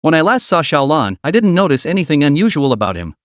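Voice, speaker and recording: A man voicing a level-headed young noble son in an animated story recap, speaking evenly and thoughtfully. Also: fairly high pitch, quick pace, no room sound, studio quality. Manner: even, thoughtful.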